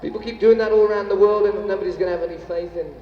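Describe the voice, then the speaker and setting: A high-pitched man rambles playfully between songs on stage. The sound is a dull, muffled 1970s live tape, heard from far off with long arena reverb and faint crowd noise behind. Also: steady tone, very fast. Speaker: rock singer on stage. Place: large concert arena.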